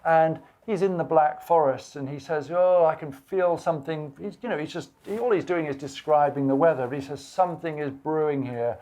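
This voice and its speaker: A man's voice: on the high side, brisk, few pauses, dark tone. A man talking about books at a live bookshop event, rambling with many fillers, restarts and quoted asides. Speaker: guest author. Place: bookshop event before an audience.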